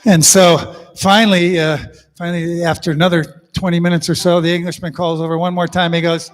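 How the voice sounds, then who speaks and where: A man's voice: a little high, little pitch movement, brisk. Chatty older man telling jokes. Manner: chatty, joke-telling with folksy asides. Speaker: musician and host of an online living room concert. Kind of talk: casual banter and jokes between songs. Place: his home living room. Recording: long reverb with banjo music behind.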